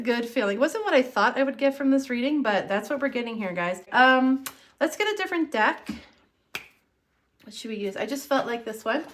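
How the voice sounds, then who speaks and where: A woman's voice: a little high, background noise. A woman giving a casual tarot reading to camera, earnest and encouraging as she speaks straight to the viewer. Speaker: tarot reader.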